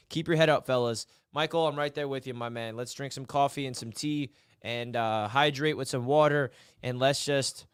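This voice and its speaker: A man with a notably high voice co-hosts a sports call-in podcast, venting loudly with fired-up disbelief. His talk is fast-building and exasperated, with a bit of swearing. The sound is dry and close, with no room around it. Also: smooth, no echo. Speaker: podcast co-host.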